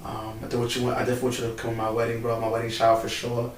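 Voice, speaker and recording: Talking at a racing speed, this medium-pitched co-host keeps his tone monotone as he chats casually and emotionally, dropping "bro" and "man" throughout. The church building he's in makes the distant-mic recording sound roomy, with a faint hum of background noise.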